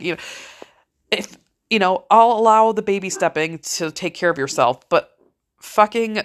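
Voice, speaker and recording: A middle-aged woman talking in a frank, rambling, motivational monologue, swearing freely as she speaks to her listeners. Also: lowish voice. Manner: blunt, heavy swearing, frank. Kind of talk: casual monologue.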